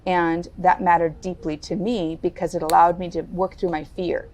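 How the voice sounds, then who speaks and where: A middle-aged woman telling a personal story as a podcast guest, candid and deliberate. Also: flat delivery, a little mellow, a little hiss or hum. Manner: candid, lowers her voice and speaks deliberately. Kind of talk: reflective interview storytelling.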